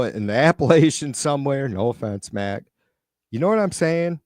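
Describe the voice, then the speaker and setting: A man's voice: mid-range voice, animated, moderate pace, a little mellow, no room sound, clean studio sound. A man hosting a live stream, reading viewer comments aloud and ranting with frequent profanity and irritation. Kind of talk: casual live-stream rant. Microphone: computer mic on a live stream.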